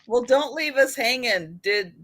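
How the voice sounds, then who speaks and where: A woman's voice: fairly high pitch, expressive, unhurried, a bit bright, no room sound, studio quality. A woman co-hosting a chat, joining in with short, laughing reactions.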